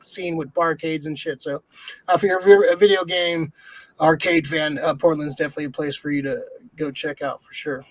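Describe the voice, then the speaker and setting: A man's voice: fairly high pitch, steady tone, fairly quick, no echo, poor audio. A man co-hosting a casual podcast, talking loosely with lots of swearing and fillers. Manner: loose and profane, many fillers. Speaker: podcast co-host. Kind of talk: casual chat.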